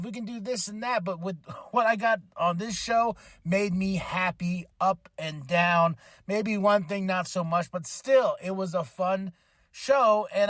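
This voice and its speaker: A fired-up man hosts his podcast, with a fairly high voice that jumps into excited shouts. The recording is close and completely dry. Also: no echo. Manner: enthusiastic, animated, shouts in excitement. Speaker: podcast host. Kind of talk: excited wrestling recap.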